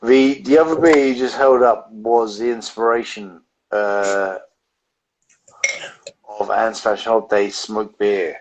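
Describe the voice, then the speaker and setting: A man's voice: fairly low pitch, fairly even intonation, measured pace, noisy background. A man co-hosting a casual beer review livestream, telling rambling stories full of restarts. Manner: rambling, self-interrupting storyteller. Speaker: co-host of a beer review show. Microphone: home setup on a live video stream.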